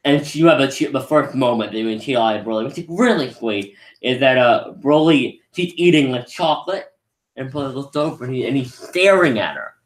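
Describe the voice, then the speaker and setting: A man's voice: mid-range voice, lively intonation, normal speed. Rambling man recapping a movie, roomy sound. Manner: rambling, many restarts and "like", acts out quotes. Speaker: movie reviewer.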